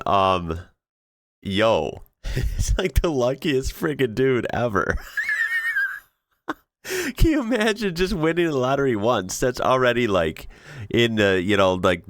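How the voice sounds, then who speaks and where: A man hosting a casual reaction video, excitable and slangy, laughing often as he comments on clips. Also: fairly low pitch, unhurried, no echo, clean studio sound.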